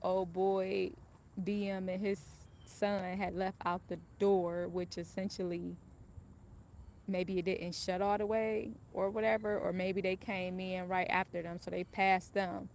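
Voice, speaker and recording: A woman's voice: mid-range voice, level tone, unhurried, darkish tone, a little hiss or hum. Candid, profane woman telling a story. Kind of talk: casual personal storytelling.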